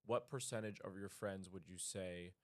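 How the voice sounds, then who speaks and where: A man's voice: low-pitched, fairly even intonation, normal speed. A man with a Canadian accent hosting a casual interview, asking teasing, jokey questions. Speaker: host.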